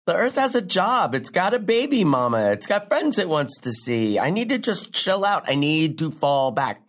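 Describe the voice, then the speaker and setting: A young woman playing a brash comic who delivers a rambling, sardonic, profane stand-up story with big leaps in pitch. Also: very animated, moderate pace. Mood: wry. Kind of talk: stand-up comedy monologue in a drama.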